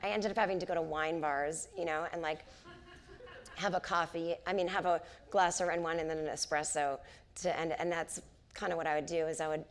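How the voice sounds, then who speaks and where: A woman's voice: deep voice, fairly quick. A woman in her forties, a comedian chatting onstage and telling stories, acting out the people in them. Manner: animated storyteller, acts out quoted people. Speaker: comedian and author, interview guest. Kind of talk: casual onstage conversation, storytelling. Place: theater stage before a live audience.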